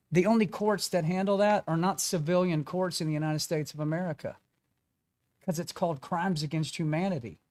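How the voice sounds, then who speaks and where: A man telling a story as a guest in a casual interview, acting out the quotes of the people in it. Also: a little high. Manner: animated storyteller, acts out quotes.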